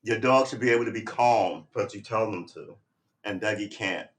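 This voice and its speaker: A man's voice: fairly low pitch, normal speed. Laid-back man chatting on a livestream. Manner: relaxed, talks to his dog in a coaxing sing-song. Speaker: livestream host. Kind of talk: casual livestream chat. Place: home room.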